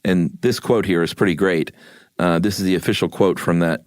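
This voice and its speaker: Deep-voiced easygoing man. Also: steady tone, brisk, a little mellow, dry recording. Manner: easygoing, dry humor, laughs often. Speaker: podcast co-host. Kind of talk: casual conversational podcast chat.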